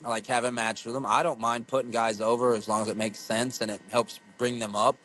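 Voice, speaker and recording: A man in his thirties from the United States, a guest on a casual podcast interview, telling stories in an excitable, profane way. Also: medium pitch, brisk, slight background noise, rough recording. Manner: profane, excitable storytelling with acted-out quotes. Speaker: podcast guest, pro wrestler.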